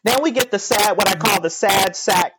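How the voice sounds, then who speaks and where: A woman, a mother, co-hosting a casual chat, animated and opinionated, mimicking people in mocking voices. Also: medium pitch, moderate pace, a crowd in the background, poor audio. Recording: loud background hiss.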